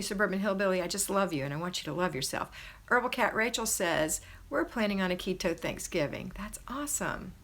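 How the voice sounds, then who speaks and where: A middle-aged woman hosting a homemaking live stream from a house, reading viewer comments and cheering them on. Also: medium pitch. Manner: warm, encouraging, cheerleading. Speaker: host of a homemaking livestream. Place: her parents' house, indoors.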